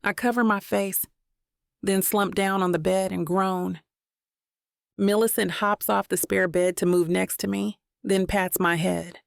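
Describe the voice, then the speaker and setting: A woman narrating a first-person romance audiobook in a measured, even way. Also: mid-range voice, creaky, dry recording, clean studio sound.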